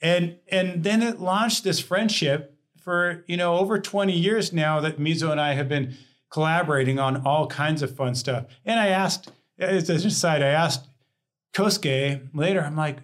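A male scientist guest telling a story in a podcast interview, lively and laughing as he acts out the people he quotes. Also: fairly high pitch, normal speed.

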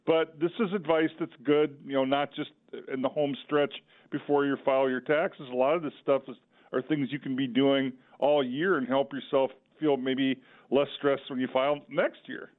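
A man's voice: mid-range voice, fairly even intonation, moderate pace, phone-quality sound. A man, a financial advisor and regular on a radio show, talking in a rambling way with many "uh"s. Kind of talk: radio talk show chat.

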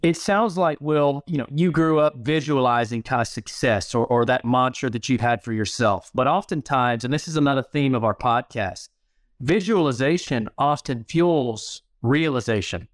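A man at a mid pitch hosts a podcast. He sums up his guest's points and leads into long, winding questions. His voice is close and dry, with no room echo. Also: moderate pace. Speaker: podcast host. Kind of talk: conversational podcast interview.

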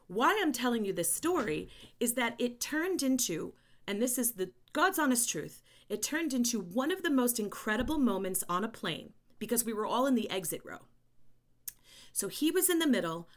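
A woman guest on a podcast interview, a language educator telling a story in an animated, emphatic way. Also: mid-range voice. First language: English.

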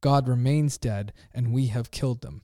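A man's voice: medium pitch, moderate pace, mellow, no room sound, studio quality, natural voice. A man voicing a frantic grown man who cries out urgent questions to a crowd, read in a declaiming way. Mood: anguished.

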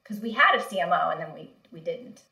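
A woman marketing executive recounts her career as an interview guest, her voice bright and forward. She tells her stories animatedly, with many fillers and frequent laughter. The sound has a roomy echo. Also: fairly low pitch, animated, fairly quick, vocal fry. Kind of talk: casual interview storytelling.

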